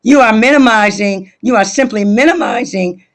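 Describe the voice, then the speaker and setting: A man's voice: high-pitched, moderate pace, fairly bright tone. A male school board trustee argues his case at a public meeting. He talks insistently, repeats himself and cuts in on others. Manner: insistent, interrupts, repeats points. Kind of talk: heated board meeting debate.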